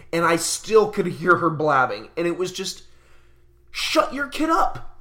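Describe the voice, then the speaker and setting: Young man ranting animatedly. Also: fairly high pitch. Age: early 20s. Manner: animated ranting, laughing often. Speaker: podcast host. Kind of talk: casual podcast monologue.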